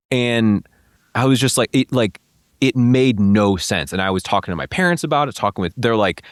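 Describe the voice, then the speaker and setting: Recorded at studio quality with no echo, a lowish-voiced man in his thirties, an interview guest, relates a personal story, quoting dialogue in character and using "like" as a frequent filler.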